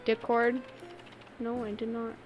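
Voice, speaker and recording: A woman in her twenties chats on a live game stream in a relaxed, slangy way. Her voice sits a little high, and she drawls her words at an unhurried pace. Faint music plays underneath. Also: dull audio. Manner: slangy, loose and chatty. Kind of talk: casual chat while gaming on stream.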